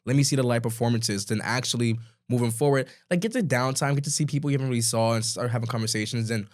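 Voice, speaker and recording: A man around thirty, hosting a casual podcast in an animated, playful way. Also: medium pitch, quick pace. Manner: animated, hype-building, playful. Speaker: podcast host.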